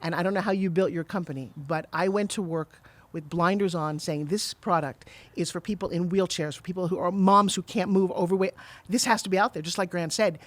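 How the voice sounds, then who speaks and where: Woman, middle-aged, rapid speech, dry close sound, lively storyteller. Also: on the low side, no room sound. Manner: fast, animated storyteller who acts out quotes. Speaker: guest, TV pitch saleswoman. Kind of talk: storytelling in a podcast interview.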